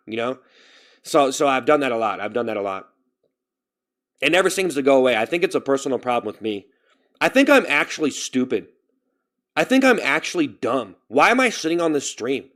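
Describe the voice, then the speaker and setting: A man's voice: a little high, expressive, fairly quick, fairly bright tone. A man chatting on a live stream, rambling and repeating himself as he vents about feeling like a failure. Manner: rambling, repeats himself, self-pitying venting. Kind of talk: casual live-stream chat.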